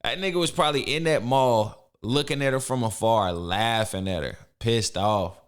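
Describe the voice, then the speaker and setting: A man's voice: mid-range voice, normal speed, clean tone. A man hosting a reaction video, mocking and teasing in casual slangy commentary.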